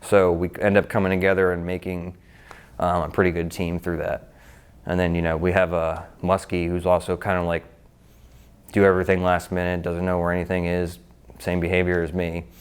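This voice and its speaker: A man's voice: sits low, completely flat delivery, fairly quick, clean tone. A man who races motorcycles, telling rambling stories in a casual interview, laughing often and saying "like" a lot. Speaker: motorcycle racer.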